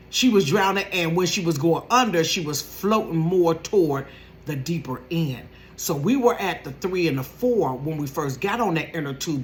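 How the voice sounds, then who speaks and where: Animated, laughing woman in her fifties. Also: a little hiss or hum. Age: 50s. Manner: animated, laughing, acts out quotes in a high voice; drops to a whisper at times. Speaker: vlogger telling a story. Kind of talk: casual storytime. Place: her bedroom.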